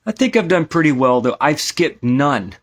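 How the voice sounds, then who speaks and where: A man's voice: fairly high pitch, sing-song, normal speed. An American man teaching esoteric lore in a casual spoken lecture, rambling with many asides and asking "right?" to his listeners.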